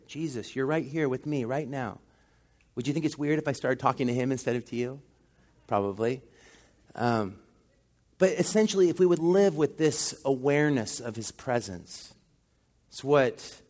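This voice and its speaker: A man delivering a sermon as a visiting pastor, speaking in a middle register. He keeps it conversational and jokes at his own expense. On key points his voice climbs and grows louder. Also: medium pitch. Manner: conversational preaching with self-deprecating humor. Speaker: guest pastor.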